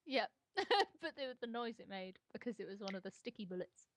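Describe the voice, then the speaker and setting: A woman's voice: mid-range voice, a little fast, a little hiss or hum. A young woman chatting casually while gaming, teasing and giggling as she tells stories. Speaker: gaming co-host.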